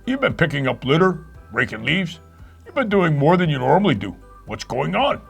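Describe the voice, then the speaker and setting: Brief: man as a doting puppet dad, high, gravelly and animated, light music under. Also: moderate pace. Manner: warm, storytelling. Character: doting puppet dad, talks fondly of his old village. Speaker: puppeteer and narrator. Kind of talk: kids' puppet show.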